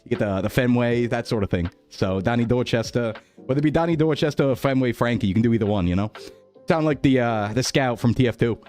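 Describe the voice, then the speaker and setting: A man's voice: medium pitch, fast, darkish tone, soft background music. Chatty young man streaming live. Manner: rambling, chatty, reads chat aloud, laughs often. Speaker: VTuber streamer. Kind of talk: casual live-stream chat.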